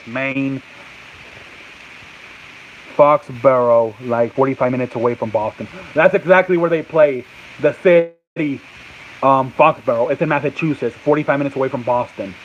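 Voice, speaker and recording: The host of this easygoing sports talk show is a man who rambles, repeats points and restarts his sentences, fielding off-mic remarks and reading live comments. His mid-range voice moves at a moderate pace. The audio is lo-fi with a little background noise.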